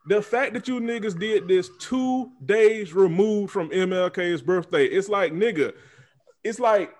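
A man hosting a podcast, speaking in a heated, profane, repetitive casual rant. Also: sits high. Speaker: podcast host. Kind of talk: casual chat.

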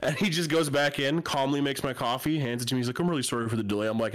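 A man's voice: mid-range voice, racing, few pauses. A man from Canada telling a rambling, profane anecdote in casual podcast chat, laughing as he goes. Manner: profane, rambling, laughs through his story. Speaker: podcast co-host.

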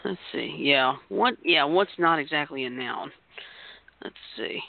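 A chatty podcast host runs a word game and calls on the players one by one. The voice is unhurried and gravelly, and its pitch rises and falls in wide swings. It comes through a thin, tinny, phone-like line. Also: lively intonation. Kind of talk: casual podcast game hosting.

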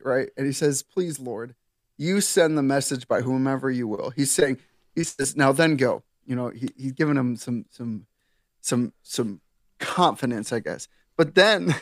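A man's voice: mid-range voice, dry recording, clean studio sound. A man co-hosting a casual faith podcast, reading scripture aloud and retelling it with laughs and slang. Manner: animated, laughing, plays up the story with modern slang. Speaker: podcast co-host.

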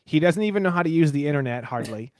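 A fairly high-voiced man hosts a podcast, rattling through stories with plenty of swearing and playful impressions. His voice is recorded dry and close, with no room sound. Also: fast, no echo. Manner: swears a lot, excitable storytelling, does impressions. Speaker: podcast host. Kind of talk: casual chat.

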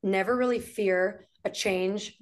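A woman guest on a podcast, an entrepreneur and singer, telling stories in a lively, casual way with lots of "like.". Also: medium pitch, slow pace. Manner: animated storyteller with frequent "like". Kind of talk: casual conversation.

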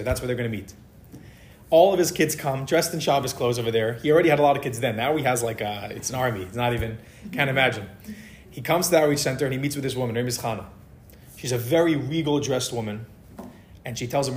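A man's voice: mid-range voice, brisk, slight background noise. A man telling a story to a live audience in a casual, conversational way, acting out the dialogue of the people in it. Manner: conversational, animated, acts out dialogue. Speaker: speaker giving a holiday talk. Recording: echoey room.

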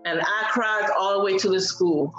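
A woman's voice: medium pitch, moderate pace, echoey room, dull audio, soft background music. Woman telling her faith story. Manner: animated storyteller, laughs and cries while recalling. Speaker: guest sharing testimony. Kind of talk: casual testimony on a broadcast.

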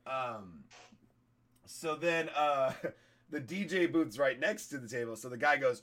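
A hoarse-voiced man, a comedian, telling a story in casual, profane podcast chat. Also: medium pitch, a little slow, a bit bright.

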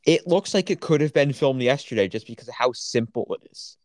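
A man's voice: medium pitch, animated, brisk, no echo. A man co-hosting a podcast in casual chat, enthusiastic and opinionated, with lots of fillers. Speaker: podcast co-host.

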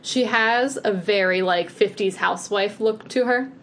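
A woman co-hosting a podcast, chatting casually with a mid-range voice. She talks in quick bursts, full of fillers and restarts. A faint hiss sits under her voice. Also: mid-range voice, a bit bright. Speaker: podcast co-host. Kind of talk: casual chat.

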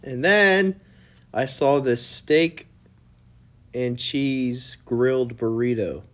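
A young man hosting a podcast in a relaxed, chatty way. He tells a rambling story and slips into quoted voices of himself along the way. His voice sits at an ordinary middle pitch. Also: very slow. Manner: animated storyteller, acts out his own quotes. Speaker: podcast host. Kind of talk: casual chat.

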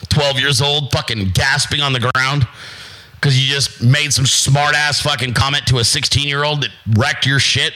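A man's voice: mid-range voice, fairly even intonation, moderate pace, bright, forceful tone, low-quality recording. A man hosting a show, delivering a blunt, crude, confrontational rant. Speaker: host. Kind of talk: profane ranting monologue.

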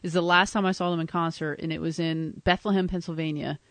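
A woman from New Jersey in casual chat, an excitable fan who swears and jokes. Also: low voice, quick pace, dry recording.

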